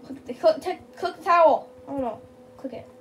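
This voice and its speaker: A young woman co-playing a game, excitable and teasing, often squealing. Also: high-pitched, moderate pace, muffled recording, a little hiss or hum. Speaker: co-player. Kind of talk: casual let's-play chat.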